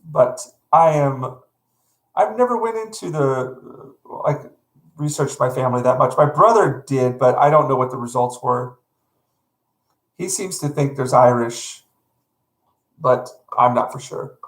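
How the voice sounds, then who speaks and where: A man's voice: medium pitch, measured pace. Rambling man, echoey room. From North Carolina, USA. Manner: rambling, self-correcting, friendly. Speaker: live art streamer. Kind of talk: casual chat with chat viewers.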